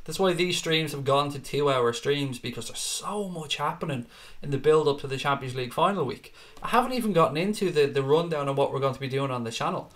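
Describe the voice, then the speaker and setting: A man's voice: fairly high pitch, expressive, brisk. A man in his thirties hosting a fan live stream, reading chat and answering in a blunt, chatty way, swearing freely and calling viewers mate.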